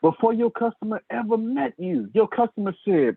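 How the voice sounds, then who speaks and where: A man's voice: sits high, normal speed, gravelly, husky, no room sound. A man giving a sales lesson in a fiery, preacher-like style, calling on listeners by name over a video call. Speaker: sales trainer. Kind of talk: sermon-style sales lecture. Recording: tinny dry phone-like line.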